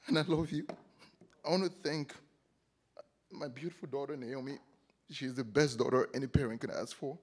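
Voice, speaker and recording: A man in his thirties, a graduate and a father, gives a tender match day speech. His mid-pitched voice stays quiet and earnest. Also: moderate pace, pauses often. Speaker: medical school graduate.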